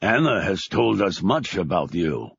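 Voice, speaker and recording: A man voicing a big, jovial middle-aged German father who speaks with a heavy German accent and a hearty, booming manner. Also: big pitch swings, unhurried, gravelly, slightly rough, dry recording, heavily acted. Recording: dull lo-fi recording.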